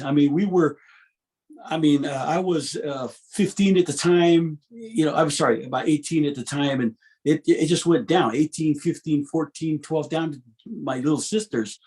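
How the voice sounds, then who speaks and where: Man, 50s, interview guest, storytelling, slightly high voice, animated, restarts, laughs. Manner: animated, restarts often, laughs between stories. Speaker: guest musician.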